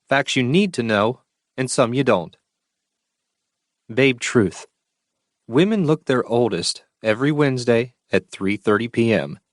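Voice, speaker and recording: A man narrates a first-person story in a blunt, cursing manner. His voice sits a little low and sounds dry and close to the mic. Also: no echo. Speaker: audiobook narrator.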